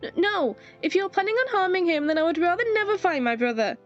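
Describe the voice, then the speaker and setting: A woman's voice: very high-pitched, sing-song, fast talker, pitched above the performer's own voice. A woman voicing an anxious young woman in a game, who stammers nervously. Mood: worried. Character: anxious young woman searching for her brother. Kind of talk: fan voice-over of a game scene. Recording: dull lo-fi with faint music.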